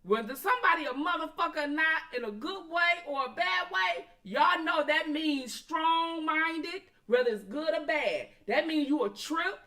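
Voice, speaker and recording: A woman's voice: high voice, bright, forceful tone. A woman hosting a casual commentary stream, blunt and profane, talking straight back to her chat. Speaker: commentary channel host.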